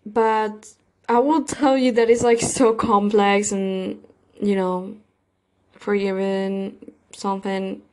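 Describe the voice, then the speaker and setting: A woman's voice: mid-range voice, little pitch movement, slow pace, darkish tone. A woman hosting her own podcast, talking casually and rambling, with many fillers and loose grammar. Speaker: podcast host. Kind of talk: casual solo podcast monologue.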